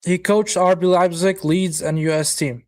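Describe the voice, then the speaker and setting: A man's voice: high-pitched, fairly even intonation, moderate pace, darkish tone. A man hosting a live football watchalong, chatting casually, reacting to the match and viewers' comments, with occasional swearing. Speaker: watchalong host.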